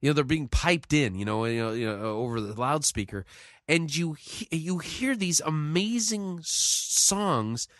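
A man's voice: fairly high pitch, animated, measured pace, fairly bright tone, no room sound, clean studio sound. A man giving casual solo commentary, rambling and sighing, full of fillers and restarts, with single words punched for emphasis. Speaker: podcast commentator.

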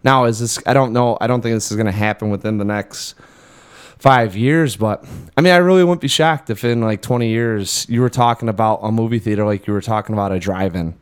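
A man's voice: on the low side, brisk, smooth. A man co-hosting a podcast, chatting casually and thinking aloud with lots of fillers and restarts. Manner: laughs often. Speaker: podcast co-host. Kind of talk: casual chat.

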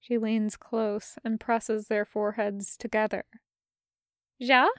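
A woman narrating fan fiction in a soft, intimate reading style. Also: medium pitch, completely flat delivery, measured pace, no echo, clean studio sound.

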